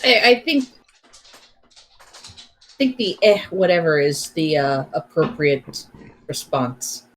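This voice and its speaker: A woman's voice: low-pitched, big pitch swings, takes it slowly, fairly bright tone, slight background noise, low-quality recording. A woman co-hosting a casual livestream chat, laid-back and dry, offering easygoing reassurance.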